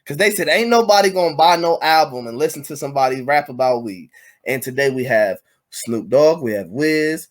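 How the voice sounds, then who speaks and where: A man's voice: mid-range voice, animated, brisk. A man co-hosting a podcast, chatting casually about a movie, joking and chiming in with quotes and asides. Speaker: podcast co-host. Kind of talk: casual movie recap chat.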